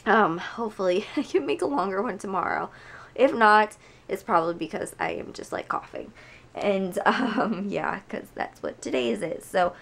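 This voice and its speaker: A young woman vlogging casually at home, hoarse from a cold and chatting with lots of fillers. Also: medium pitch, lively intonation, normal speed, fairly bright tone. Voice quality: gravelly. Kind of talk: casual chat to camera.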